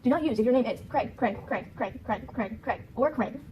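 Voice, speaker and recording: A woman rattling off a rushed parody ad disclaimer in a breathless, rapid voice. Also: fairly high pitch, a little mellow, a little hiss or hum, rough recording. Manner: breathless, rushed list reading. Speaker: ad voice-over. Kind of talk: rapid-fire parody side-effects list.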